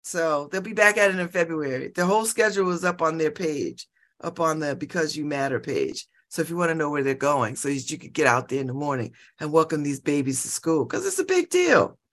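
A woman's voice: sits low, brisk, fairly bright tone. A woman hosting a radio talk show, chatting casually, laughing and repeating herself.

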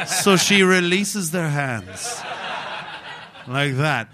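A man's voice: high-pitched, drawn-out words. A middle-aged man, a comedian guest, telling rambling comic stories in a casual chat and slipping into silly voices. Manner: rambling, animated, slips into silly put-on voices. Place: small backstage room at a festival.

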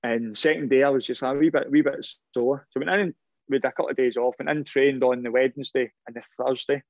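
A man's voice: medium pitch, steady tone, fast talker, no echo, lo-fi sound. A middle-aged man, a former footballer, telling long rambling anecdotes in a casual interview, restarting his sentences often.

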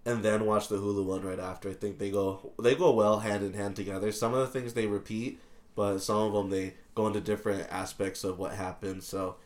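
A lower-voiced man trading crude jokes on a casual podcast. He talks in a relaxed, chatty way, mixing offhand swearing with easy recommendations. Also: brisk. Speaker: podcast co-host. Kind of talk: casual chat.

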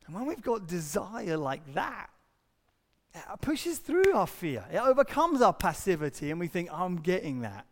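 High-voiced man preaching in an echoing hall. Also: unhurried. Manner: earnest, animated storytelling with acted-out quotes. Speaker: pastor. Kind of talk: sermon.

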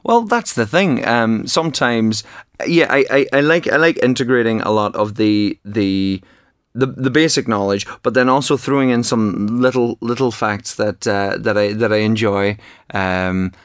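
A man's voice: on the low side, normal speed, smooth, no echo, clean studio sound. A man, talking about his book as a guest in an interview, keen, with many false starts and repeated words. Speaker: author and actor guest. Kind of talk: conversational interview.

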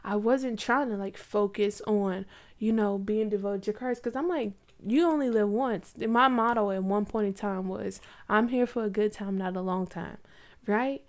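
A woman's voice: mid-range voice, moderate pace, a little mellow. A woman in her twenties casually telling a personal faith story, chatty, with lots of likes and you knows. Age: 20s.

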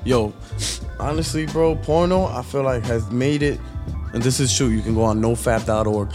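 A man's voice: mid-range voice, moderate pace, over music. Rambling man in crude banter. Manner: rambling, searching for words, crude jokes. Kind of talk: casual chat.

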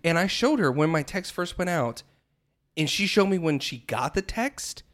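Animated man telling a story. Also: fairly high pitch, moderate pace. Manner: animated, self-mocking, acts out his own quotes. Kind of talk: casual storytelling.

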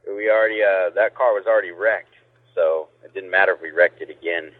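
A man's voice: deep voice, level tone, fairly quick. A man in his thirties from Southern California, a race driver talking casually with radio hosts over the phone from a car, laid-back and laughing easily. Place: in a car with passengers. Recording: tinny phone line.

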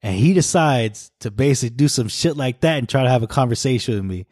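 A man co-hosting a casual podcast, mid-pitched and recorded in a dry room with no echo. He tells stories in an animated, profane way and jumps into the voices of the people he describes. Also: fast talker. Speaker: podcast co-host. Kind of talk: casual chat.

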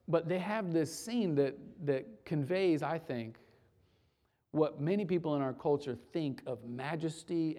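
A man preaching a sermon in a conversational way. He often restarts his words and drops into soft, hushed stretches. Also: a little high. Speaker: pastor.

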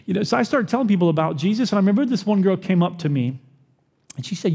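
A man preaching a sermon as pastor, animated, asking the crowd questions and acting out the people he quotes. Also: high voice, fast talker, vocal fry, husky, long reverb tail.

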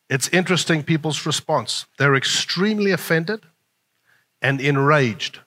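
A male pastor preaching a sermon in an animated way, often chuckling. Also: on the high side.

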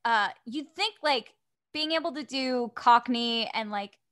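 Sassy chatty voice actress. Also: female voice, fairly high pitch, unhurried, fairly bright tone, clean tone. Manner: chatty, sassy, laughs often. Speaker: voice actress guest. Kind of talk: casual podcast chat.

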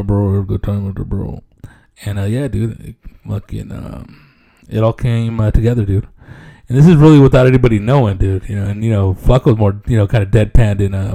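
A middle-aged male comedy podcast host with a gravelly, fry-heavy voice, chatting loosely. He swears freely, leans on slang and breaks into laughs often. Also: medium pitch, dark tone. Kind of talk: casual rambling chat.

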